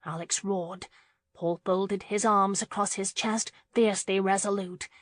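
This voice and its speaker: A woman narrating a romance audiobook in a steady, measured way. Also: medium pitch, dry recording. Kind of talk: scripted narration.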